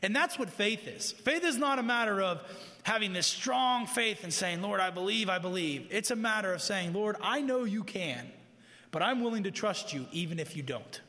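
A man delivers an earnest sermon in a high, bright voice, talking plainly to the people in front of him. He drives points home by repeating them. His voice carries a long hall reverb. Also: lively intonation, moderate pace. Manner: earnest, conversational preaching with repetition. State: living with heart disease, tires easily. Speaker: preacher. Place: room with an audience.

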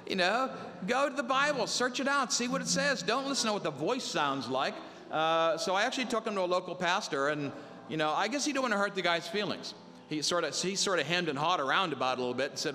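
A male pastor giving a sermon in a casual, storytelling way, now and then mimicking other people's voices for effect. His voice is bright and sits a little high, and it carries a long reverb from the hall. Faint ambience hangs behind him. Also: sing-song, normal speed, a little hiss or hum.

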